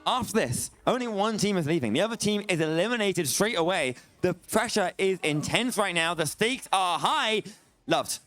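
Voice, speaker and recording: A man's voice: high voice, lively intonation, moderate pace, a bit bright, no room sound. A young man commentating a live esports match play-by-play, exclaiming at big plays.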